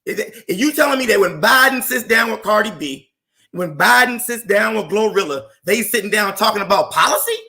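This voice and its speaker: A man makes his case on an open panel, driving each point home with rhetorical questions. His voice sits high and bright, with a gravelly fry. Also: expressive, fairly quick, soft background music. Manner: impassioned, rhetorical, emphatic. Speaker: panel speaker. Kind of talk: political debate on an open panel.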